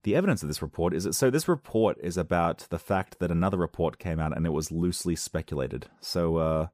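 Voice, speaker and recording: Deep-voiced sarcastic man reading news. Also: fairly quick, a little mellow, dry recording, studio quality. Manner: sarcastic, rambling asides. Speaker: video host. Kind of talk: reading and reacting to weird news.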